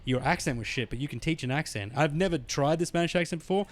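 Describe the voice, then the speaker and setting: A man's voice: fairly high pitch, quick pace. A man hosting a podcast, chatty and agreeable, telling stories with plenty of fillers. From Australia. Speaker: podcast host. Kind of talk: casual interview chat.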